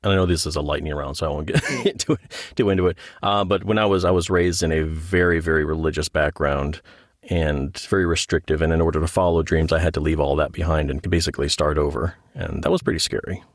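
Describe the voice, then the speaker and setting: A man's voice: extremely low pitch, fast, no echo, clean studio sound. A man being interviewed about his work as an audiobook narrator and author, talking in a casual, joking, self-deprecating way.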